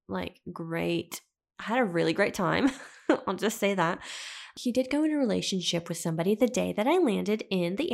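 A woman's voice: fairly low pitch, vocal fry. A young woman hosting a podcast, telling a personal story in a chatty, dramatic way and swearing freely. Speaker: podcast host. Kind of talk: casual storytelling monologue.

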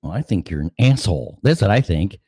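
Low-voiced guy ranting slow and sarcastic, swears a lot, pitch jumps all over, dry close sound. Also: lively intonation, mellow, husky, dry recording. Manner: acts out voices mid-rant. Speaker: show host. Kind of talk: opinion monologue.

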